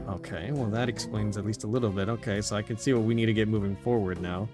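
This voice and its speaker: A man's voice: lowish voice, steady tone, fast talker, hardly any pauses, a little mellow, faint music behind. A young man casually commenting on a game stream, rambling with lots of fillers. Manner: rambling, filler-heavy, self-deprecating.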